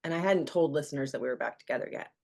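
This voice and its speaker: Low, gravelly woman telling a raw story. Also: very fast, a little mellow. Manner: candid, emotional, quotes others in her retelling. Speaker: guest, radio host. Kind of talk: personal storytelling in a podcast conversation.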